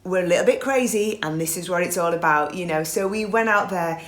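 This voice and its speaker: A woman's voice: fairly low pitch, a little fast, reverberant. A woman in her forties from England, a singer chatting in an interview and telling stories. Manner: chatty, warm-hearted storytelling with laughs. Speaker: guest singer. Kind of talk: casual interview chat.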